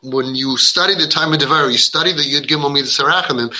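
A man's voice: a little high, quick pace, sharp tone, low-quality recording. A man giving an earnest religious talk to parents, guiding them, repeating and restarting phrases and sprinkling in Hebrew terms. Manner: peppers speech with Hebrew terms. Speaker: parenting guide.

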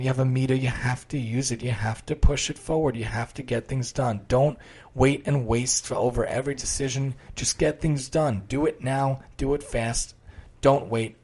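A man's voice: medium pitch, darkish tone, breathy edge. A man giving a direct, emphatic motivational talk and reading stories aloud.

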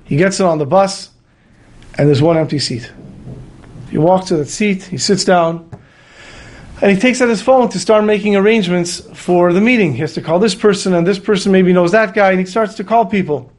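High-voiced man telling a moral story. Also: normal speed. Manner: animated, shifts into character voices. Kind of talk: storytelling sermon.

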